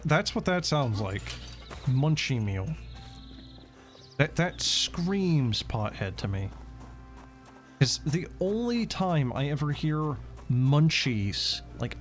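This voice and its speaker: A man's voice: fairly high pitch, big pitch swings, slow, long pauses, soft background music. Profane, rambling male streamer. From Washington state. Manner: profane, rambling, repeats words. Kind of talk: casual gameplay stream chat.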